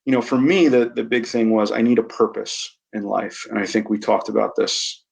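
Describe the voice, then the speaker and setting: Man, gravelly voice, veteran guest, candid, halting, restarts sentences, podcast mic. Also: on the low side, steady tone. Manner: halting, restarts often, earnest. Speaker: guest, army combat veteran. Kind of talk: candid interview conversation.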